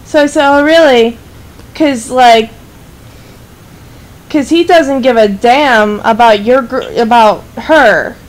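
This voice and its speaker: A woman's voice: a little high, slow pace, poor audio. A woman gossiping on a casual voice call, chatty and full of fillers. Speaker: voice chat participant.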